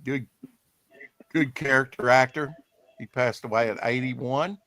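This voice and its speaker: Bright, chatty podcast host man. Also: mid-range voice, unhurried. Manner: chatty, rambling, reads promos aloud. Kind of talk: casual chat about comics.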